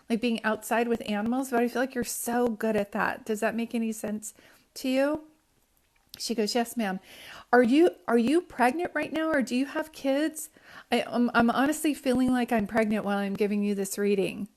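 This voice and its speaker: A woman's voice: fairly high pitch, darkish tone. A woman giving a live-streamed psychic reading, talking in a chatty way, often close to tears and keeping on checking in with her listeners. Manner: emotional, near tears at times. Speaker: psychic medium. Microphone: phone livestream.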